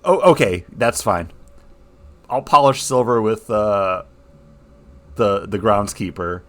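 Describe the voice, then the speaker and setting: Low-voiced man riffing sarcastically. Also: slow. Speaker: podcast co-host. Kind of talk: casual book club chat.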